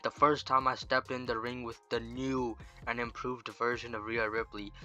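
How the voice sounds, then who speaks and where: A man's voice: medium pitch, little pitch movement, normal speed, bright, forceful tone. A man voicing a cold, cutting veteran female wrestler who is calling out her rival. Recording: dull lo-fi dry recording.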